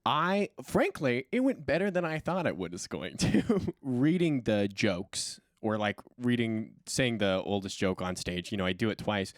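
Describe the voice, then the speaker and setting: A man's voice: mid-range voice, sing-song, measured pace, few pauses, no room sound, clean studio sound. A man who is a stand-up comedian, chatting casually as a podcast guest in a rambling, self-deprecating way.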